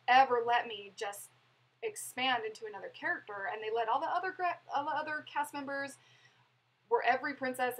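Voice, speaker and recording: A woman's voice: fairly high pitch, a bit bright, slightly rough, poor audio. A young woman chatting casually on a live stream, rambling and laughing as she answers viewers' questions. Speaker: vlogger answering live chat.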